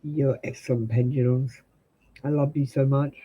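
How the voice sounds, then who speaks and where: A woman's voice: a bass voice, fairly even intonation, normal speed, mellow, husky, dull audio. A young Australian woman reading tarot live for viewers, giving blunt, direct advice. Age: young adult. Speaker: tarot reader.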